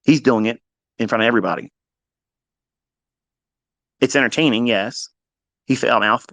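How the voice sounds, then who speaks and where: Brief: man, trading mentor, blunt and foul-mouthed, emphatic repeats, mid-pitched, dry close sound. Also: moderate pace, gravelly, no echo. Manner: blunt, heavy swearing, emphatic repetition; swings between loud bursts and low asides. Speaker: trading educator. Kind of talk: profane motivational lecture.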